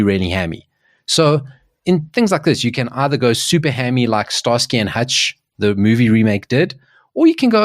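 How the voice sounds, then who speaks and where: A man from South Africa co-hosting a casual chat show, telling stories with lots of restarts and asides. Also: medium pitch. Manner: animated, rambling storytelling with restarts. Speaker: podcast co-host.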